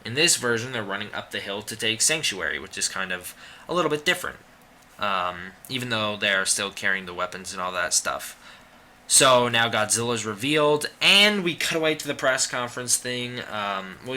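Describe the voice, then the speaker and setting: A man's voice: fairly low pitch, pushed and bright, a little hiss or hum. A young man giving a casual spoken movie review, rambling with frequent restarts and fillers.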